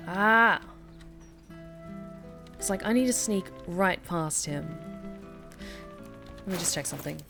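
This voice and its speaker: A woman streaming a video game, thinking aloud in casual commentary with quick asides and the odd mild curse. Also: on the low side, lively intonation, vocal fry, music in the background.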